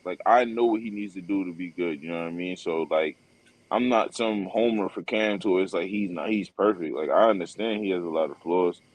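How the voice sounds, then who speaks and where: A man co-hosting a casual sports fan podcast, talking in a relaxed, rambling way with lots of fillers. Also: deep voice, a little fast, low-quality recording. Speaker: podcast co-host.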